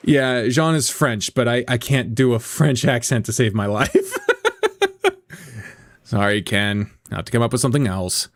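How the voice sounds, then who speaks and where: A man's voice: mid-range voice, lively intonation, unhurried, dry recording, clean studio sound. A man hosting a casual let's-play, chatting and laughing between reading character lines. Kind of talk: casual game commentary, reading character voices aloud.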